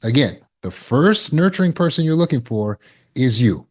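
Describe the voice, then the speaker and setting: A man giving a live talk to an audience in a room. He talks earnestly and coaxingly, repeats phrases, and drops to a soft voice when he voices comforting words. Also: medium pitch, very animated, moderate pace. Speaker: trauma recovery speaker. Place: room with an audience of about 160.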